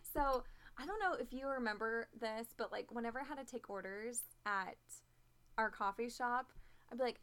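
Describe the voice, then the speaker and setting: A woman co-hosting a podcast, chatting casually with giggly, self-deprecating reactions and quick asides. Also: a little high, a bit bright, clean tone. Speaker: podcast co-host. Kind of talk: casual chat.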